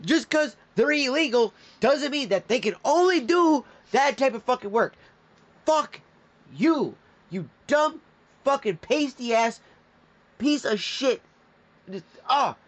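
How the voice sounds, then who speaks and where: Ranting high-voiced man streamer. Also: sing-song, takes it slowly, pauses often, a bit bright. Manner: profane, ranting, heated outbursts. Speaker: streamer reacting to videos. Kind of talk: live reaction stream commentary.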